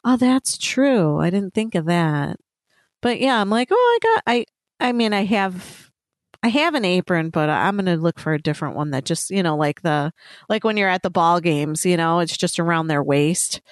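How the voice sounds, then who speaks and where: A woman's voice: lowish voice, moderate pace, no echo, studio quality. Chatty middle-aged woman podcast host. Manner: chatty, laughing storyteller. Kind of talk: casual chat.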